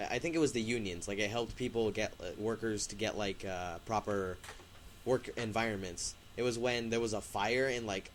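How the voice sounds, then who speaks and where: Guy on a podcast call cracking sarcastic jokes, lowish voice. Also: a little hiss or hum. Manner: joking, teasing and sarcastic. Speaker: podcast co-host. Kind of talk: casual chat.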